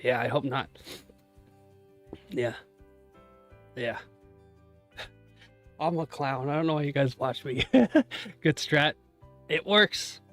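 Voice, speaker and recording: A man's voice: mid-range voice, slow, long pauses, faint music behind. A young man chatting casually on a live stream, joking about himself and cheering his trades on. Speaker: livestreaming day trader.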